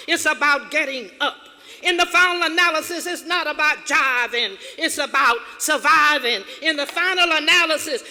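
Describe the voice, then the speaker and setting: A woman's voice: sits high, bright, forceful tone. A woman giving a motivational keynote speech, with dramatic, rhythmic repetition that builds emphasis. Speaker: keynote speaker. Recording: reverberant hall with audience.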